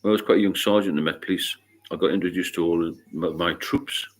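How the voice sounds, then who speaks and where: Hosting a laid-back livestream, a middle-aged man from England talks quickly in a very low, steady voice. He's blunt and freely profane, drifting into long, rambling stories.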